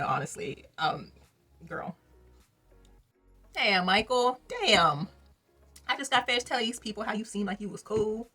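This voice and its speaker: A woman's voice: fairly low pitch, a bit bright, breathy edge. A woman giving a blunt, sassy, exasperated commentary as she reviews a reality TV episode in a casual vlog.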